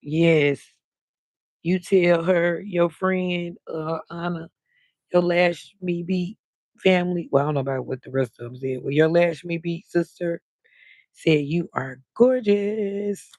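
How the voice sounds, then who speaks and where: A livestream host chats casually late at night in a lowish, mellow voice, keeping a steady tone and measured pace. She welcomes viewers by name and lingers on her words; there's no echo.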